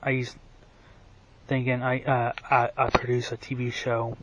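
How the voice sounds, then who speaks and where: A man's voice: mid-range voice, completely flat delivery, normal speed, background noise. A man ranting in a rambling, profane monologue, full of fillers and restarts, who says his own voice is bad. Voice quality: self-described bad voice. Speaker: wrestling commentary vlogger.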